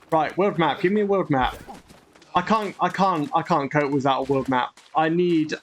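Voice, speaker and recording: A man's voice: high voice, fairly bright tone. A man hosting a gaming channel, giving chatty, grumbling, self-mocking commentary as he plays. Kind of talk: gameplay commentary.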